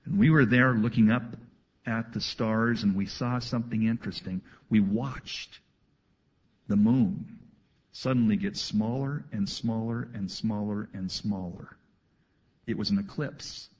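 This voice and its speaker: Slow-speaking husky male preacher. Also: fairly low pitch, lo-fi sound. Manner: animated preaching with asides, reads scripture aloud. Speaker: pastor. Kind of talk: sermon.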